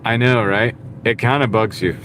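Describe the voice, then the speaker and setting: A man's voice: medium pitch, steady tone, normal speed. A man chatting casually and joking as he drives his delivery route, chuckling often. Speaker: delivery driver streaming live. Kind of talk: casual chat while driving. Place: inside a car. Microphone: small wireless clip-on mic. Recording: road and wind noise.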